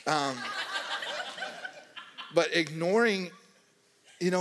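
Joking young pastor in a reverberant hall. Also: male voice, fairly high pitch, a bit bright. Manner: conversational and joking, acts out quoted voices. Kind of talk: sermon.

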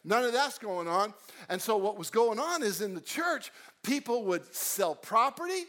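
High-voiced animated male preacher. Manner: animated preaching, swings between loud emphasis and quiet storytelling. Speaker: pastor. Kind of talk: sermon.

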